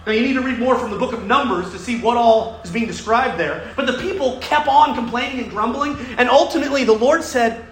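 A pastor preaching a sermon, earnest and emphatic, often checking in with his listeners with a quick "right?". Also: extremely high pitch, a little hiss or hum. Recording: echoey room.

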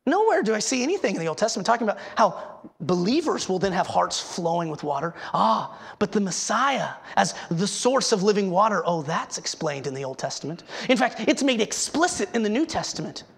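A preacher delivers a sermon with a husky, slightly raspy voice. The delivery is emphatic, full of rhetorical questions and quick repeated words. The tone has a gravelly edge throughout. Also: medium pitch, very animated.

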